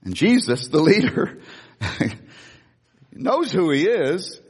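A man preaching in a church sanctuary, telling a story with animated energy, stumbling over restarts and acting out the voices of others. His voice sits a little high for a man, and a long hall reverb trails behind every phrase. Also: takes it slowly, pauses often, slightly rough. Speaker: pastor. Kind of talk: sermon with storytelling.

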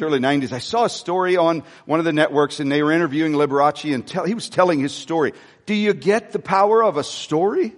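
Preacher guy telling stories to a congregation, kinda high voice, lots of echo. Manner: storytelling, animated and conversational. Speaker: pastor. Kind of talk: sermon.

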